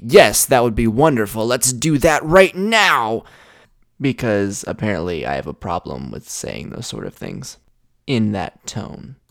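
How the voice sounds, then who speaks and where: A man's voice: medium pitch, clear, resonant tone, dry recording, studio quality. Blunt, rambling male podcast host. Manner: blunt, rambling, self-deprecating storyteller. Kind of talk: casual storytelling monologue.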